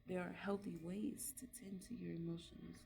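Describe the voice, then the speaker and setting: A mother talking in a casual, reflective vlog, earnest and candid, pausing and restarting as she gathers her thoughts. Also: fairly low pitch, little pitch movement, gravelly, dark tone, a little hiss or hum. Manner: earnest, halting, with frequent restarts and trailing pauses; candid and heartfelt. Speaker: mother vlogging about parenting.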